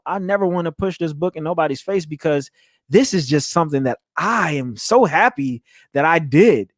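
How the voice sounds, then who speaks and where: A young man hosts his own motivational podcast in a fairly high voice. He talks earnestly and animatedly, laughs often and restarts his words. The recording is dry and close, with no room sound. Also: normal speed, no room sound. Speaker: podcast host. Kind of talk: motivational solo podcast talk.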